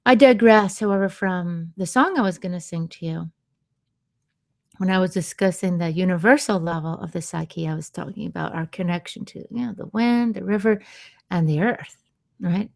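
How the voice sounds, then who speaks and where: A woman hosting a radio show on sound healing, talking gently and unhurriedly, with soft laughs and quiet asides. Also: fairly low pitch, moderate pace, creaky, dry recording, clean studio sound. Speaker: radio show host and vocal sound healer. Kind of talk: slow, soothing radio talk.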